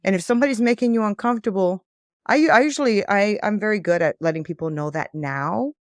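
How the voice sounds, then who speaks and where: A woman life coach as a podcast guest, telling stories in a lively way and acting out the dialogue. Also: mid-range voice, fast talker, dry recording. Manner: animated storytelling, acts out quoted dialogue. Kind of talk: conversational interview.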